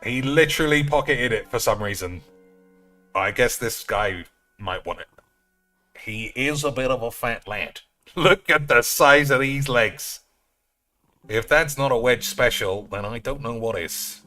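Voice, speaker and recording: Man streaming a game, crude jokes, bright tense voice, casual commentary. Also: mid-range voice, moderate pace, soft background music. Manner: crude, joking, addresses viewers as boys.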